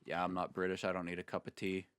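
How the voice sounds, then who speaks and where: A man's voice: low voice, completely flat delivery, quick pace, fairly bright tone, smooth, no room sound. A man giving casual gameplay commentary as a video creator, jokey and rambling, with playful asides.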